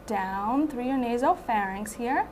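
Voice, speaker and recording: Gentle woman guiding a patient, faint noise. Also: fairly high pitch, lively intonation, a little slow. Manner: gentle, reassuring, brief prompts. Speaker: clinician performing endoscopy. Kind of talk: clinical instructions to a patient.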